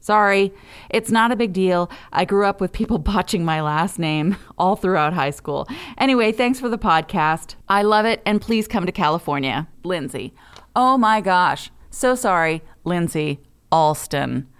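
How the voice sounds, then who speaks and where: A woman's voice: on the low side, expressive, normal speed, smooth. A woman co-hosting a podcast, reading listener mail aloud in a chatty way and laughing between lines. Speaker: podcast co-host.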